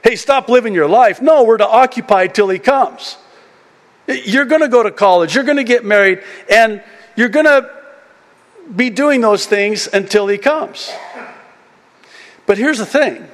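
A man in his forties preaching to his congregation, his voice somewhat high for a man. He swings from quiet, earnest passages to excited, soaring peaks. The sound carries the long reverb of a church hall. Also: a little slow, long pauses. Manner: animated, climbs high and loud when excited. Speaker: pastor. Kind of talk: sermon. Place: church sanctuary during a service.

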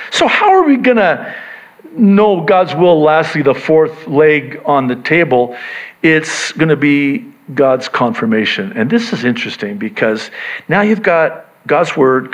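A male pastor with a fairly high voice preaches in a chatty, storytelling manner. He acts out little dialogues as he goes. The sound is dull and lo-fi. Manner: conversational, animated storytelling with acted voices. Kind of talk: sermon.

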